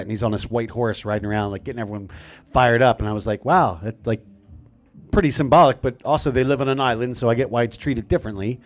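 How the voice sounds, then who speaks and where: A man's voice: medium pitch, fast. A man co-hosting a live radio podcast in casual chat, loose and profane, acting out other people's lines. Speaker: podcast co-host.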